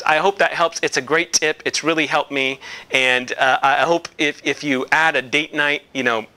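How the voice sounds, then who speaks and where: A man's voice: a little high, pushed and bright. A man giving a casual, rambling video message to his company's past clients, with many fillers and restarts.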